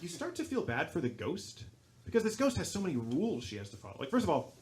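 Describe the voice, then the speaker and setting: A young man doing a stand-up comedy set on a club stage, telling stories deadpan and bursting into loud acted-out quotes. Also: on the high side, quick pace. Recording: live club recording, audible crowd noise.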